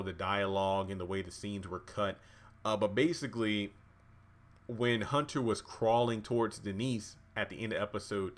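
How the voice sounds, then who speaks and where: A man casually recapping and reviewing a TV episode, chatty and relaxed, with plenty of fillers. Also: on the low side. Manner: relaxed, chatty, acts out dialogue with many fillers. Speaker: YouTube TV reviewer.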